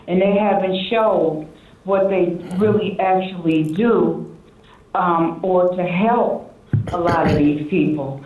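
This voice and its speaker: A woman calling into a talk show, speaking slowly and emphatically about being fed up. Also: lowish voice. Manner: slow, emphatic, fed-up complaining. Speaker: caller. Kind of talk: call-in comment. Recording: tinny, echoey phone line.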